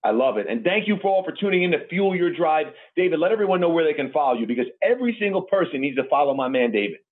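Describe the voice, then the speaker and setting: A man's voice: fairly high pitch, big pitch swings, fast talker. A man hosting a podcast, telling stories in a gushing, emotional way. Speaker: podcast host. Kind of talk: interview podcast chat. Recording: tinny phone-like line.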